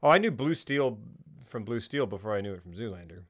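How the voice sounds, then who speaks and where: A man's voice: lowish voice, lively intonation, fairly quick, a bit bright. A man co-hosting a casual film podcast, goofy and crude, laughing a lot. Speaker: podcast co-host.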